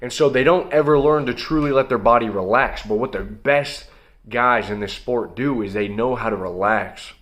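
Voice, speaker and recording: A man's voice: mid-range voice, normal speed, fairly bright tone. Blunt, emphatic man coaching. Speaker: motivational video host. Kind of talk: motivational monologue to camera.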